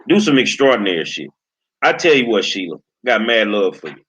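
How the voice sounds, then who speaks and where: Profane, bright-voiced male talk host. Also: on the low side, very animated, brisk, breathy edge, lo-fi sound. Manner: blunt, profane, slangy trash talk. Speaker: show host. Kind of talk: casual political talk show banter.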